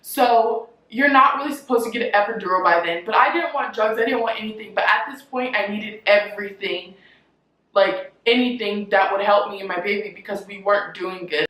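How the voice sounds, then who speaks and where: A woman's voice: medium pitch, brisk, fairly bright tone. A young woman vlogger telling a personal story in a chatty way, with filler words every few words. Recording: roomy echo with faint ambience.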